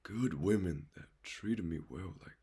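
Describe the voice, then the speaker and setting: Husky, earnest man speaking bluntly. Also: low voice, a little slow, warm tone. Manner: earnest, raw and blunt, swears freely; speaks straight to the listener with urgent conviction. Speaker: vlogger giving life advice. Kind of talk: confessional motivational monologue.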